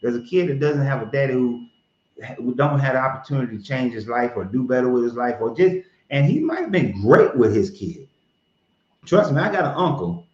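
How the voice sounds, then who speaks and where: A man's voice: medium pitch, animated, brisk. A man hosting his own show, giving blunt, profane, heated commentary in a casual tone. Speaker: podcast host. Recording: roomy, dull lo-fi sound.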